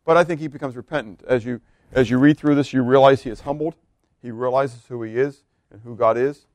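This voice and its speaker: Speaking a little fast in a medium-pitched, darkish voice, a pastor preaches in a relaxed, conversational manner. He quizzes the congregation and laughs from time to time, and the recording has no room sound.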